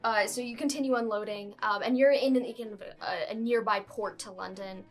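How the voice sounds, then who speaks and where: A woman's voice: medium pitch, steady tone, normal speed, soft background music. A woman running a tabletop role-playing game as game master, narrating casually. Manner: casual, with frequent fillers.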